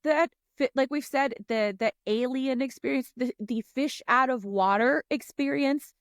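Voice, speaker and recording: A woman co-hosting a podcast who talks in a thoughtful, explaining way and sometimes restarts her sentences. Her voice is a bit high, and it is recorded dry and close. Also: measured pace, no echo. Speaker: podcast co-host. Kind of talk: casual chat.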